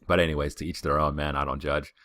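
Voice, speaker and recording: A man's voice: very deep voice, little pitch movement, fast talker, fairly bright tone, no echo, studio quality. A young man hosting a podcast, casually telling a rambling travel story with many fillers. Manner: rambling, filler-heavy, laid-back. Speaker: podcast host.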